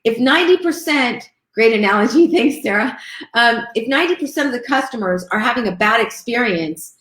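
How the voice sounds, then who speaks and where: A woman's voice: fairly high pitch, fairly bright tone, roomy sound. A woman giving a live webinar talk, upbeat, thanking viewers and reading out their chat comments. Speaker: webinar presenter.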